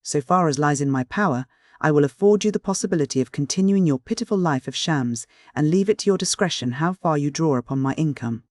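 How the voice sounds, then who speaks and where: A man's voice: a little high, lively intonation, quick pace, a little mellow, no echo, studio quality, natural voice. A man voicing a proud, cold noble countess, formal and commanding in a storybook reading. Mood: bitter.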